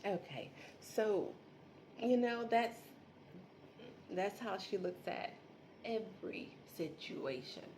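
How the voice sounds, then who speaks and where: A woman's voice: medium pitch, animated, slow pace, long pauses, darkish tone, slight background noise. A woman hosting a casual solo podcast from home, rambling, laughing often and talking to listeners as y'all. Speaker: podcast host.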